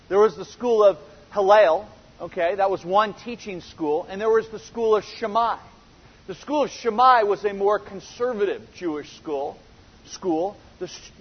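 A man's voice: high voice, husky. A man teaching a verse-by-verse Bible lesson, earnest and full of rhetorical questions, often restarting his sentences. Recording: reverberant hall, dull lo-fi sound.

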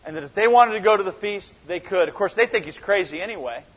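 High-voiced man preaching in a reverberant hall. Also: lively intonation, fast, husky. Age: 30s. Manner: emphatic, conversational preaching. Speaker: pastor. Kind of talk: sermon. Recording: dull recording with long reverb in a large hall.

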